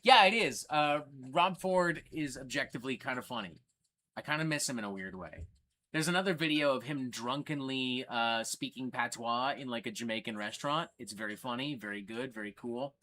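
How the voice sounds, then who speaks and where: Man, livestream host, casual chat, bright voice, excitable, swears a lot. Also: medium pitch, normal speed. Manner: enthusiastic, swears freely.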